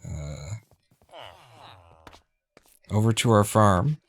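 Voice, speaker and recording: Low-voiced man streaming a game. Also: very slow. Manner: relaxed, muttering to himself. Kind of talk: casual gameplay commentary. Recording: noisy home recording.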